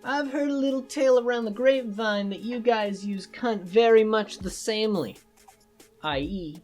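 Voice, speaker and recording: A woman's voice: fairly high pitch, moderate pace, darkish tone, faint music behind. A young woman, giving a sarcastic, crude comic explainer to her channel's viewers. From Canada. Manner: sarcastic, playful and crude, slipping into mock voices. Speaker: YouTuber. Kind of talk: comedic explainer monologue.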